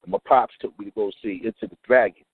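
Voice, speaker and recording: Chill dude, kinda low voice, sounds like a phone call, no room sound. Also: male voice, quick pace, slightly rough, no room sound. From Trenton, New Jersey. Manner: laid-back, often adds "you know what I'm saying" and "man". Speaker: DJ, interview guest. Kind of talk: casual interview chat. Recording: tinny phone-like dry line.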